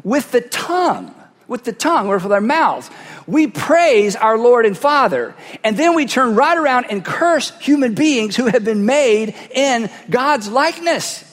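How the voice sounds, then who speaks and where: A male pastor delivers an emphatic sermon, hammering his points home by repeating phrases. His voice sits notably high for a man. The sound carries a long reverb from a big church hall. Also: big pitch swings, unhurried, fairly bright tone. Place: church sanctuary. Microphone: cheek microphone.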